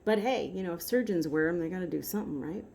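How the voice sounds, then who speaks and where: A woman's voice: on the low side, lively intonation, fast talker, gravelly, darkish tone. A woman vlogger chatting casually and rambling, with frequent "like" and "um.". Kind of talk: casual chat.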